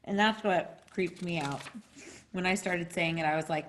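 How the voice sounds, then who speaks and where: A woman teaching a casual spiritual class, rambling with many filler words and jumping into lively quoted voices. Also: on the low side, normal speed. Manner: animated, acting out quotes with a jumping voice.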